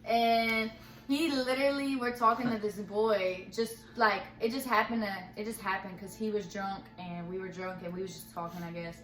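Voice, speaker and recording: A young woman casually telling a storytime, rambling and animated, acting out what people said, full of slang. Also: mid-range voice, moderate pace, roomy sound. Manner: rambling, animated retelling with quoted dialogue and slang.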